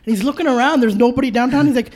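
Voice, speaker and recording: A man's voice: very high voice, rapid-fire, a little mellow. A laid-back man trading jokes and stories with friends on a podcast. He talks in a loose, casual way, dropping bro into his sentences. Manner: loose, joking storyteller, says bro. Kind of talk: casual chat.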